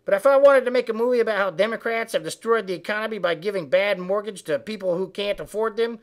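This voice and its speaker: A man voicing a foul-mouthed, indignant male frog who delivers a comic political rant with profane, shouted tirades. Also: high voice, fast talker, lightly acted. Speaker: web comedy ranter.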